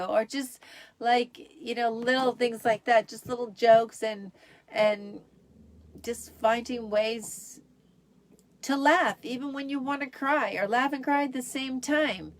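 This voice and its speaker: A middle-aged woman talks casually and brightly as the host of her own show. She is chatty and upbeat, with plenty of fillers along the way. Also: fairly high pitch, measured pace.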